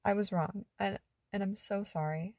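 A woman voicing a submissive young woman who answers breathlessly and stammers, with a husky voice. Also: mid-range voice, steady tone, moderate pace, darkish tone, no echo, clean studio sound, close to an everyday voice.

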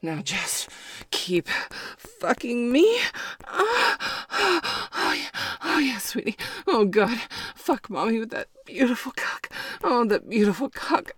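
A woman's voice: a little high, very animated, takes it slowly, a bit bright, dry recording, exaggerated voice. A woman performing an adult audio role-play as a possessive, doting character, speaking breathily with moans and whispered stretches. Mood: breathy. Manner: breathy, moaning, partly whispered.

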